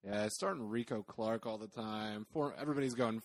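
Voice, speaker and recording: A man's voice: fairly low pitch, fairly quick, dry recording. A man co-hosting a casual soccer podcast, joking, laughing and swearing as he talks. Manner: lively, laughing, swearing banter. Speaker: podcast co-host.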